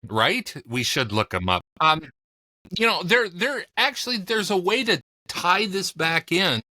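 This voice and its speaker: Bright jokey podcast man. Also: high voice, sing-song, a little slow, dry recording. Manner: jokey, discursive. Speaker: podcast co-host. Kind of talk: casual chat.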